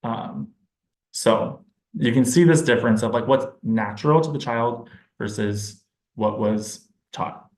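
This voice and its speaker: A man speaks at a middle pitch, explaining his subject in a relaxed, informal teaching way. He pauses now and then to think aloud. The recording is roomy, with noticeable echo. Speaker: speech-language pathologist presenting to parents.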